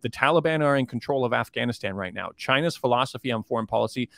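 A man in a podcast interview who talks rapidly, piling up fillers and restarts as he works through his thoughts. His voice sits at an ordinary pitch for a man. The sound is dry and close, with no room around it. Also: expressive, gravelly, a bit bright, no room sound. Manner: fast, rambling, with many restarts and fillers. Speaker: political commentator guest. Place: based in China.

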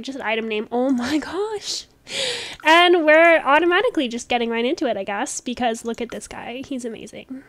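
A woman with a high, bright voice chats through a casual gameplay video. She gushes and talks quickly, with easy laughter. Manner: bubbly, gushing, quick with laughs. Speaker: gaming channel host.

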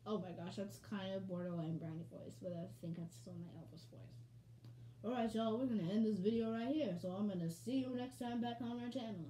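A woman vlogging in casual chat to camera at home, bubbly and rambling, and quick to shout with excitement. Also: mid-range voice. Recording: echoey room, faint hum.

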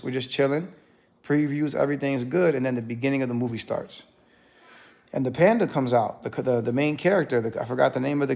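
A man's voice: medium pitch, gravelly, darkish tone. A man in his thirties, a pastor, telling a casual, rambling story to camera with many restarts and asides, becoming indignant. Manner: rambling, full of "you know" and restarts, growing indignant.

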